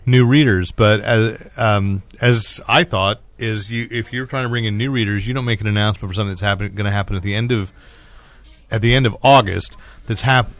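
A man's voice: on the low side, fairly even intonation, brisk, a bit bright. A man hosting a casual comics podcast, rambling with restarts and laughing often. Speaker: podcast host. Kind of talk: casual chat.

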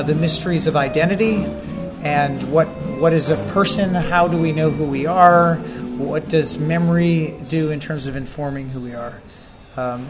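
A man with a slightly high voice answers interview questions as a film director. He pauses to search for words and adds dry humor. Music sits in the background. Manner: thoughtful, wry, hesitant.

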